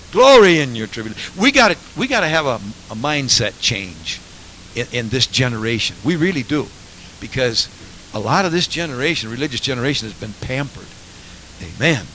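Male pastor, sermon, emphatic, bright forceful voice, slightly high pitch, faint hiss behind. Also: poor audio. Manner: emphatic preaching, swinging from low to shouted exclamations.

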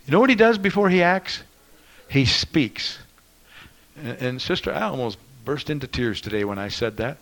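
Fervent preacher man, loud then hushed. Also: medium pitch, poor audio. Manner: swings from loud proclaiming to hushed asides; reads scripture in a ringing voice. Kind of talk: fervent sermon.

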